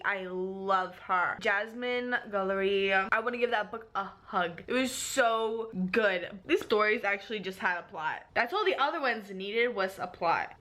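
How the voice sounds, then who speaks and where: A young woman chatting casually in a vlog, gushing and chatty with quick asides. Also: mid-range voice, sharp tone. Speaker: book vlogger.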